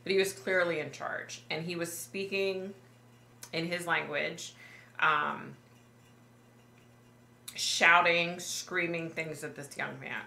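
Low-voiced woman, halting emotional vlog retelling. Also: fairly even intonation, gravelly, sharp tone, roomy sound. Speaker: psychic medium vlogger. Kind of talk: personal vlog storytelling.

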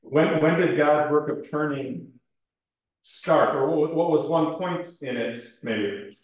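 A man's voice: fairly high pitch, takes it slowly. A man leading an adult Bible study class in a church room, talking conversationally, asking questions and using frequent ums. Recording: roomy echoing room.

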